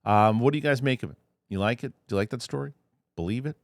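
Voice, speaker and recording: A man's voice: mid-range voice, fast talker, dry recording. A man hosting a show, giving loose, chatty commentary with frequent restarts. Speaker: host. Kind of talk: casual commentary.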